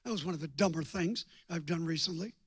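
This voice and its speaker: An older man preaching a storytelling sermon in a folksy, joking way, swinging from hushed asides to loud bursts. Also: fairly high pitch, quick pace, breathy edge, no room sound, studio quality. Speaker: guest preacher.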